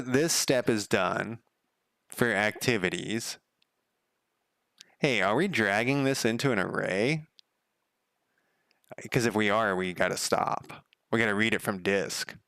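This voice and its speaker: A man's voice: on the low side, slow pace, creaky, long pauses, a bit bright, no echo. A man live-streaming while he codes a game, chatting casually in a rambling, profane way and counting under his breath. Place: home room.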